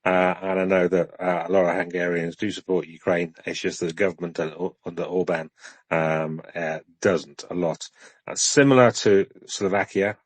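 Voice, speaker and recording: A British man co-hosts an online audio discussion, talking in a loose, hedging and self-deprecating way. His voice is low-pitched, and the recording sounds close and dry with no room echo. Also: fairly even intonation, normal speed. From United Kingdom. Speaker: co-host.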